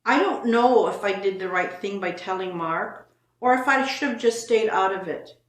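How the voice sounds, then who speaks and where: A woman's voice: medium pitch, moderate pace. Woman reading posts in an echoey room. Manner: reads posts aloud then comments. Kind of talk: reading and discussing online posts.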